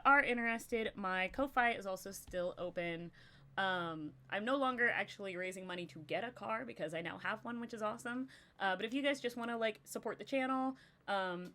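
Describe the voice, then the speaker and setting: A woman's voice: on the low side, a bit bright. A young adult woman hosting a live stream and running a game, talking casually and rambling with many fillers. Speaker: stream host and game master.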